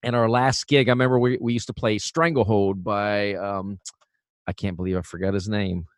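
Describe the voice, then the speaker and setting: A man teaching singing in a relaxed, chatty way, full of fillers and restarts. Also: lowish voice, moderate pace, no echo, clean studio sound. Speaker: vocal coach. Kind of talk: casual instructional talk.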